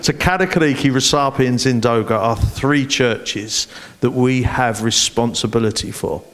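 A man's voice: medium pitch, normal speed, fairly bright tone. A man, a church leadership director, speaking animatedly and playfully in an onstage interview in front of a congregation.

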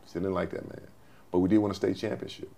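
A man's voice: low voice, level tone, fast, vocal fry, dark tone. A man in his sixties, a former football player telling folksy stories as an interview guest. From Texas, USA. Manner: folksy, repetitive storyteller. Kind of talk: storytelling interview.

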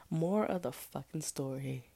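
A woman telling a casual story in slangy, animated talk, with sudden loud outbursts. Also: deep voice, vocal fry, slightly rough, no echo.

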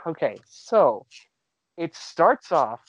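A man hosting a casual podcast, excitedly recapping a show for friends and swearing freely. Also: on the high side, very slow, breathy edge, no room sound, muffled recording.

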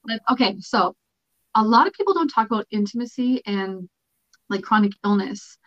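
A woman's voice: mid-range voice, lively intonation, normal speed, fairly bright tone, dry recording. A woman hosting a podcast, earnest and emotional as she talks with her guest. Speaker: podcast host. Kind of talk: supportive interview talk. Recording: dull, dry lo-fi mic.

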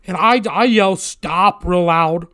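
Man, high-pitched, dry close mic, casual swearing storyteller. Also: moderate pace, no room sound. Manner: profane, animated storytelling.

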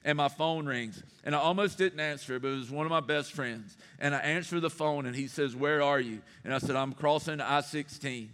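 A man's voice: on the high side, a little fast, hardly any pauses, a bit bright, clean tone. A middle-aged man, a pastor preaching a sermon in an earnest, personal way with emphatic repetition. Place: church sanctuary. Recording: long hall reverb.

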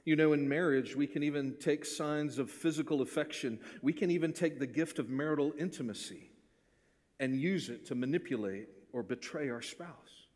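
A male pastor delivering a sermon, swinging between hushed, intimate passages and forceful, rising appeals. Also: on the high side, normal speed, big-room sound.

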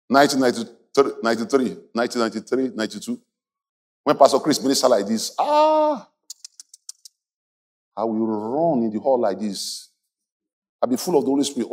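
A man preaching a sermon as a pastor, animated, laughing often and calling on the congregation to repeat after him. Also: medium pitch, normal speed, long pauses. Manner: animated preaching with call-and-response and frequent laughter.

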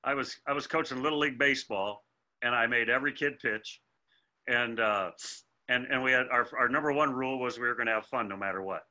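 Man interviewer with a bright voice. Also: mid-range voice, brisk. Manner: chatty, asks long winding questions. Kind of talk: casual interview talk.

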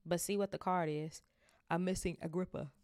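A woman's voice: lowish voice, steady tone, moderate pace, a little mellow, dry recording, clean studio sound, natural voice. A woman reading aloud and voicing a chatty, slightly sheepish young boy wizard who likes to explain things.

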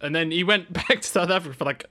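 Young English man telling stories, higher voice. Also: fast talker, sharp tone. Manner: storytelling, laughing, banter. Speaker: podcast co-host. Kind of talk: casual chat.

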